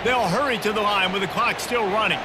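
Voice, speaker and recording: A man with a high, ringing voice calls each football play in brisk, clipped phrases. He is a video game play-by-play announcer, and loud game music plays underneath him. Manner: brisk, excited on big plays. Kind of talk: video game sports commentary.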